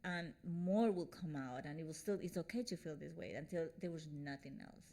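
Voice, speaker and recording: A woman hosting a casual conversation, reflective and repeating phrases softly. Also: sits low, normal speed. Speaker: host.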